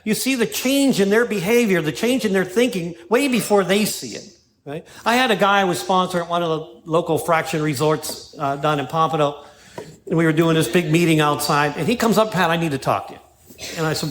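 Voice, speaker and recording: A man from Pittsburgh gives an AA recovery talk in a meeting room, telling stories, reading passages aloud, and repeatedly checking in with "right?" and "you know?" His voice is a little high and a bit bright, his pace brisk, with slight background noise.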